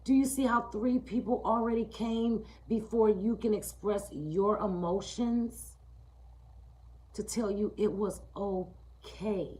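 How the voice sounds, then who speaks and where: A woman speaks to her live audience at an unhurried, deliberate pace, circling back to the same phrases for emphasis. She often pauses to ask "okay?" and sinks her voice low and quiet when she drives a point home. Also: poor audio. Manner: emphatic, repetitive, keeps asking "okay?". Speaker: live stream host. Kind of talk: live-streamed motivational talk.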